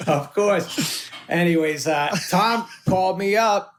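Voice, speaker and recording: A man's voice: high-pitched, extremely slow, slight background noise. A man as a podcast guest, telling stories in casual chat, swearing freely and acting out the voices of people in his anecdotes. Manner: animated, swears often, acts out voices in anecdotes.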